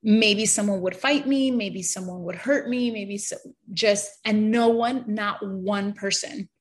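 A woman's voice: medium pitch, fairly even intonation. Earnest woman sharing a personal testimony. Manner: earnest and emotional, halting with stammered restarts.

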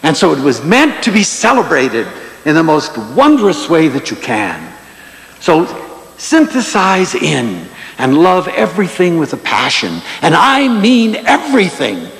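A man giving an inspirational lecture, telling anecdotes in an expressive storytelling manner. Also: fairly high pitch, unhurried, vocal fry. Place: large lecture hall with an audience. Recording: echoey hall with long reverb.

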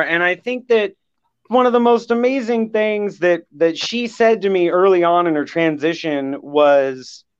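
A man guesting on a casual podcast, talking earnestly and emotionally with many halting restarts. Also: sits high, a bit bright, clear, resonant tone, dull audio.

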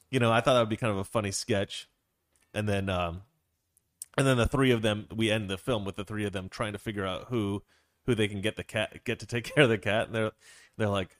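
A man's voice: lowish voice, fairly quick, no echo, studio quality. A man hosting a livestream, chatting casually, reading viewer comments and rambling through stories with frequent laughter. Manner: animated, rambling storyteller who laughs often. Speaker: livestream host.

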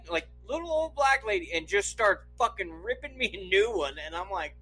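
Man, from Idaho, profane storyteller, laughs a lot, high voice. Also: animated, moderate pace, few pauses, sharp tone, soft background music, rough recording. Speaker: podcast storyteller. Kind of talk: casual anecdote telling.

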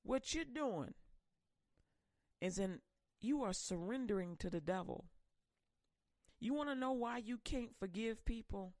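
A woman preacher delivering a fiery sermon, swinging between loud pushes and hushed warnings. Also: a little high, expressive, unhurried, pauses often, no room sound.

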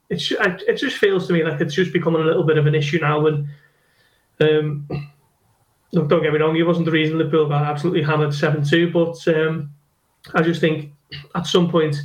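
Brief: male football pundit, higher-pitched and flat, measured analysis with hesitations. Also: low-quality recording. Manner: analytical, many restarts and ums. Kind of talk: casual podcast chat.

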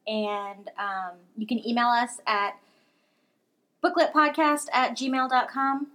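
A woman hosting a casual book podcast with a high voice. She talks in a chatty, rambling way, stopping and restarting her thoughts as she goes. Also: fairly even intonation, slow, bright, forceful tone. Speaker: podcast co-host. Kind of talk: casual chat.

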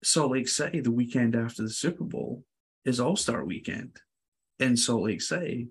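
Husky-voiced male podcast guest. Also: mid-range voice, lively intonation, moderate pace. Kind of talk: casual podcast interview.

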